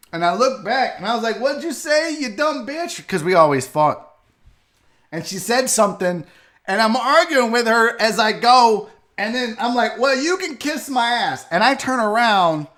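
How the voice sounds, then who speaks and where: A man hosting a live sports and entertainment show, chatting loosely with viewers and reacting loudly and profanely to a clip. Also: sits high. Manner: loud, profane and joking, often laughing and shouting while reacting to clips; rambling, chatty asides to viewers by name. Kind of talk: casual live-stream commentary.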